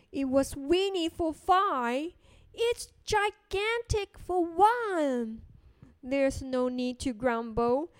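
A woman voicing a fretful little old lady who pleads and complains in a drawn-out sing-song. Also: very high voice, no room sound, studio quality, exaggerated voice. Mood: relieved, delighted.

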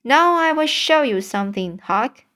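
An eager, bold boy hunting treasure in a storybook, as a woman reads him aloud. The voice sits fairly high and moves slowly, with halting restarts here and there. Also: expressive, a bit bright.

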